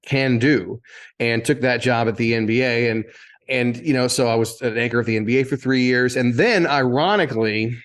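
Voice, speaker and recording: A man in his fifties, originally from Indiana, sits as a guest and spins loose, animated anecdotes from his years as a TV reporter. His voice sits at an ordinary middle pitch, and he often circles back and restarts mid-sentence as he builds a story. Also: fairly quick. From Indiana, USA. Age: 50s. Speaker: guest, former TV sports and entertainment reporter. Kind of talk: casual interview storytelling.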